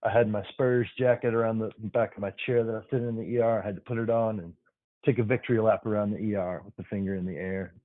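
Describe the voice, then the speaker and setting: Speaking fast in a steady, lowish voice, this emergency physician joins a casual podcast interview as a guest. He's upbeat and explains plainly, and the dry, phone-like remote recording has no room sound.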